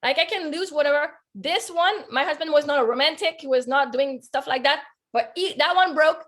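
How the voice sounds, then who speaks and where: A woman's voice: high voice, brisk, fairly bright tone. A woman life coach telling a personal story on a video call, earnest and heartfelt, talking with lots of "like" fillers.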